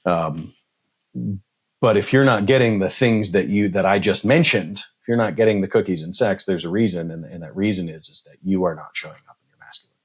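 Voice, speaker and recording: Here a forties-aged man on a podcast tells stories in casual conversation, acting out the dialogue with animation. He's blunt and swears a lot, and his low, slightly rough voice moves fairly quickly.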